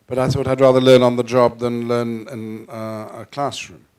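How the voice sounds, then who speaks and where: An older man from the northwest of England, speaking Received Pronunciation with faint northern traces, talking theatrically on a theatre stage and swinging between quiet and loud. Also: medium pitch, little pitch movement, normal speed, few pauses, smooth. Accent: Received Pronunciation with faint northern English traces. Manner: theatrical, playful, with frequent restarts and sudden swings in loudness. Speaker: guest actor. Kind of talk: onstage interview conversation. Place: theatre stage before an audience.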